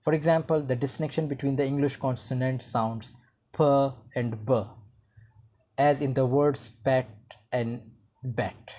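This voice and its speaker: A teacher delivers an explanatory online lecture in a mellow, dark-toned voice at an ordinary middle pitch. The explaining goes step by step, with frequent restarts and "uh, like" fillers between points. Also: fairly even intonation, normal speed.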